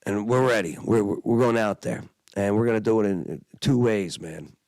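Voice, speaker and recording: A man's voice: fairly low pitch, normal speed, darkish tone, no echo, studio quality. A middle-aged man, an Army veteran telling a personal war story in an earnest, emphatic way, full of fillers.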